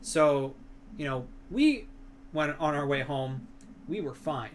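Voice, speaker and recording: A young man with a slightly raised pitch recounts a long story on a gaming stream. He rambles, fills pauses with "like" and "uh," and uses crude words casually. A faint layer of noise runs under his voice. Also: expressive. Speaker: stream co-host. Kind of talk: casual chat.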